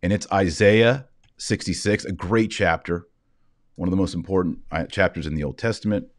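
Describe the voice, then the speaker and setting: A man's voice: deep voice, moderate pace. A man giving an online Bible lecture from his desk, explaining verses in a conversational way and answering his own rhetorical questions. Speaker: Bible teacher. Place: indoors, seated at a desk with a shared screen.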